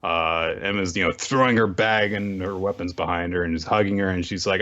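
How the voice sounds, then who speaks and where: Low-voiced man recapping comics casually. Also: steady tone, pushed and bright. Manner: quick, joking summary with dry asides. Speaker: podcast co-host. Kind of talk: casual chat, recapping manga chapters. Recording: dull lo-fi audio.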